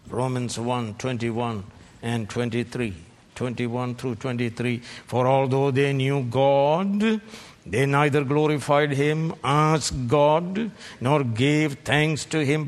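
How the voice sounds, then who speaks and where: Slow, fiery preacher in a hall. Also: male voice, mid-range voice. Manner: slow, emphatic, rises to shouted peaks. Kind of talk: fiery sermon. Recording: long reverb of a large hall.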